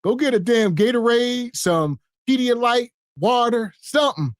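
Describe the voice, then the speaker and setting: A man's voice: very high voice, expressive, a little slow, no room sound, clean studio sound. A man hosting a podcast, joking about a video clip in a laid-back way and chuckling as he talks. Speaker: podcast host. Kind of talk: casual commentary on a video clip.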